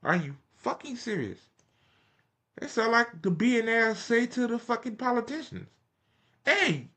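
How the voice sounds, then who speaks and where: A man's voice: high voice, sharp tone. A young man reacting to a political speech in casual, profane, mocking commentary.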